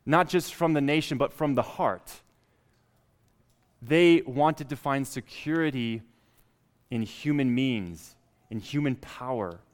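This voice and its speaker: A man preaching a sermon, reading scripture aloud and building up emphasis on key lines. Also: medium pitch. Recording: long reverb of a hall.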